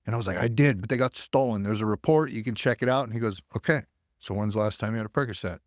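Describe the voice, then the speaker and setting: Blunt, profane man, lowish voice. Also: quick pace, dry recording, studio quality. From United States. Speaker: podcast guest, army veteran. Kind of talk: candid storytelling.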